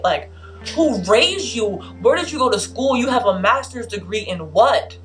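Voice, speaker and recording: A woman in her twenties vlogging, telling a story in an animated, exasperated, emphatic way. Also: medium pitch, moderate pace, faint music behind. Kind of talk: casual storytelling vlog.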